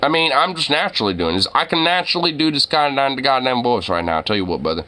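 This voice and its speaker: A man's voice: mid-range voice, big pitch swings, fast, bright, forceful tone. A young man with a Southern US accent chatting casually with his stream viewers, cursing freely and rambling with lots of filler. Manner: profane, rambling, heavy on "I mean" and "I tell you what". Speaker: live streamer talking to chat. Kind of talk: casual chat.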